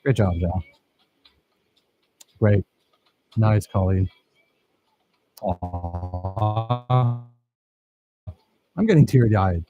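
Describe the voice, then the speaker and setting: A man's voice: lowish voice, lively intonation, slow pace, long pauses, mellow, dull audio, faint music behind. A man teaching a filmmaking workshop, talking casually and enthusiastically over his own footage and praising his students.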